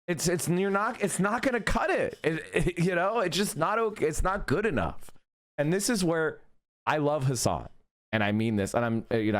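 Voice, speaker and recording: A man streaming his reaction to a clip, ranting in a profane, animated way. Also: a little high. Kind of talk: casual reaction commentary.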